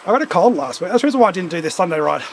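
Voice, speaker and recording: This stream host has a runny nose from a cold and talks as he pedals a home trainer for a cycling ride-along, rambling casually with asides. He sounds high-pitched and expressive and talks very fast. The poor recording carries a little hiss or hum.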